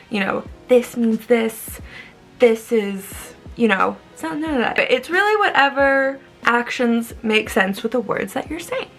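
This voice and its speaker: A young woman, an online English teacher, explaining in a casual, bubbly, animated way and acting out words. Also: a little high.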